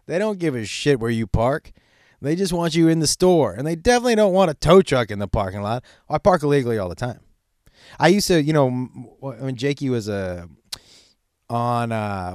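Profane, animated middle-aged man storyteller. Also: medium pitch, dry recording, studio quality. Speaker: comedian. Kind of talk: stand-up style storytelling.

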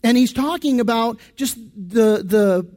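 A man with a very high voice preaches a sermon in a church. He talks conversationally, with restarts and asides to the congregation, as their pastor. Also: unhurried, a little mellow.

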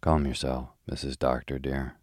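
A pious, chattering older spinster housekeeper, read by a man for a sleepy bedtime audiobook. The voice sits extremely low and barely moves in pitch. It is dry and close to the mic. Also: little pitch movement, moderate pace, no room sound. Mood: gossipy. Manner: chatty, prim, old-fashioned.

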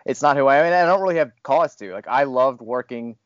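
A man's voice: mid-range voice, expressive, quick pace, no echo, muffled recording. Candid rambling podcast host man. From Louisville, Kentucky area. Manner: candid, rambling, self-deprecating with laughs. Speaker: podcast host, fired radio host. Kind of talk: casual podcast chat.

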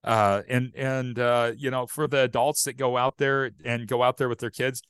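A man's voice: mid-range voice, little pitch movement, normal speed, fairly bright tone, clear, resonant tone, no room sound, studio quality. A man talking casually as a podcast guest, rambling with many fillers and restarts. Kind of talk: casual conversation.

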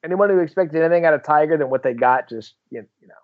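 A man's voice: a little high, fast, no room sound, phone-quality sound. A man co-hosting a golf podcast, chatting casually and moving the talk from topic to topic. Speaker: podcast co-host.

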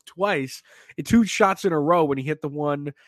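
A man hosting a sports podcast, talking in an animated, excitable way with lots of restarts. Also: on the high side, fairly quick, no echo. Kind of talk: casual sports talk.

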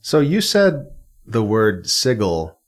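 A man's voice: lowish voice, big pitch swings, slow pace. Curious man asking questions. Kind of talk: casual chat.

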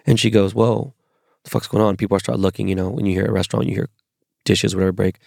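Low gravelly guy from LA, casual podcast rambling, swears a lot, dry close sound. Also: little pitch movement, quick pace, a little mellow, no room sound. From Los Angeles. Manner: profane, rambling, anecdotal. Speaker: podcast host. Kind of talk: casual storytelling monologue.

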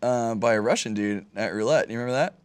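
A man co-hosting a casual chat, telling animated stories with lots of fillers and swearing. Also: mid-range voice, fast, clear, resonant tone, no room sound. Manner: animated storyteller, swears freely, many fillers.

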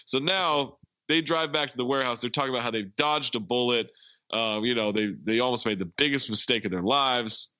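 A man hosts a casual podcast, retelling a film's scenes as a chatty storyteller. His voice is bright and forceful. The recording is dry and slightly dull. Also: medium pitch, a little fast, smooth, no room sound. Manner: chatty storyteller, acts out quotes. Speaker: podcast host. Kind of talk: casual movie recap.

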